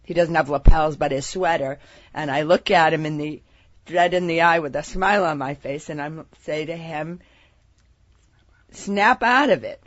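A woman's voice: low voice, fairly even intonation, moderate pace, no echo, highs cut off. A woman co-host sharing a personal story in a casual interview chat.

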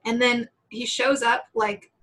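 A woman's voice: fairly high pitch, unhurried, slight background noise, low-quality recording. A woman in her thirties co-hosting a podcast in casual chat, laughing often and acting out what people said. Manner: chatty, laughs often, quotes people in animated voices. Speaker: podcast co-host.

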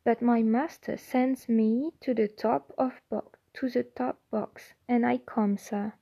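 A woman's voice: steady tone, slow, vocal fry, warm tone, heavily acted, poor audio. A woman voicing a timid, anxious female house elf servant who speaks with broken grammar and keeps saying "sir". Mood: anxious deferential. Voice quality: squeaky, quivering.

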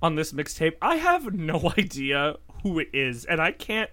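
Unhurried and a little high-voiced, this man co-hosts a podcast and chats casually. He tells stories animatedly, laughing frequently, swearing, and restarting his sentences.

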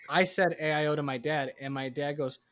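A man's voice: fairly high pitch, fairly even intonation, a little fast, a bit bright, no room sound. Young man rambling with fillers. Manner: rambling, filler-heavy storyteller. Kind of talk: casual chat.

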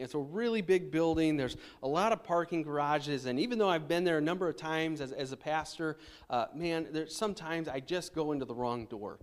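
A man in his thirties, a pastor, preaching a sermon in a casual, conversational way with frequent restarts and fillers. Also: a little high. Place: church sanctuary.

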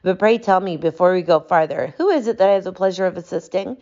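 A woman reading an audiobook voices a shrewd gentleman detective who speaks calmly and smoothly in a lowish voice. His assured, wry tone comes over a dull, lo-fi audiobook recording. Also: fast.

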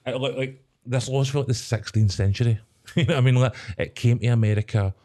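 A man's voice: mid-range voice, brisk, dark tone. A young Scottish man co-hosting a podcast, rambling in casual chat, swearing and laughing often. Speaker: podcast co-host.

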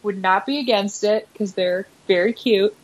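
A woman's voice: medium pitch, normal speed. A woman guest on a casual podcast, thinking aloud in long rambling turns full of "like" and "um". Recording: dull lo-fi audio.

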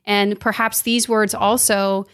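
A woman's voice: mid-range voice, level tone, measured pace, fairly bright tone. A woman co-hosting a conversation on faith, thinking aloud in a reflective way and often murmuring agreement. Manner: reflective, affirming listener. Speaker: podcast co-host. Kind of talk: casual conversational discussion.

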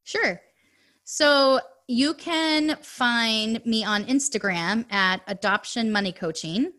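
A woman in her thirties, a money coach, chatting as a guest on a podcast interview and telling stories with quick asides. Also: fairly high pitch, sharp tone.

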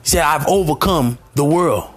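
A man delivers a motivational sermon in a somewhat high, husky voice. He repeats short phrases again and again and climbs toward shouting at the peaks. Faint music plays underneath. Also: moderate pace. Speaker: motivational speaker.

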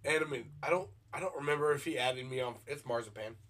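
A man's voice: mid-range voice, quick pace, fairly bright tone. A man hosting a casual podcast, chatting in a loose way and swearing casually. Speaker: podcast host. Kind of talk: casual chat.

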